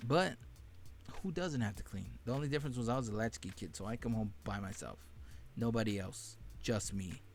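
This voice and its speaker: A man's voice: on the low side, brisk, faint music behind. A young man hosting a podcast, telling candid, profane stories from his childhood in a casual monologue. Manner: candid and profane, laughing at painful memories. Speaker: podcast host.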